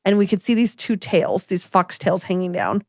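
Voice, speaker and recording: With a medium-pitched voice at normal speed, this podcast co-host tells a story in a lively, chatty way, animatedly performing the voices she quotes. The casual storytelling chat has studio-quality sound with no echo.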